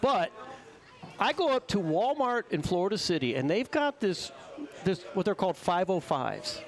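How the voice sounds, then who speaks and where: A man's voice: high-pitched, sing-song, moderate pace, some chatter behind. A man co-hosting a casual radio chat at a brewpub, rambling with restarts and laughing often. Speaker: radio show co-host.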